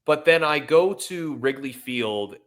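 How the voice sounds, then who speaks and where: A man rants on a sports podcast, his voice bright and forceful. He rambles through restarts and keeps apologizing for getting emotional. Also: on the high side, expressive, slow pace. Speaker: podcast co-host. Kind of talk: emotional casual sports talk.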